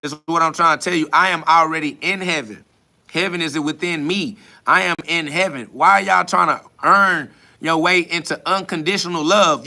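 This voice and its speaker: Bright-voiced combative man ranting. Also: a little high, moderate pace, vocal fry. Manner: combative, mocking, profane. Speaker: podcast host answering comments. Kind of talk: profane spiritual rant.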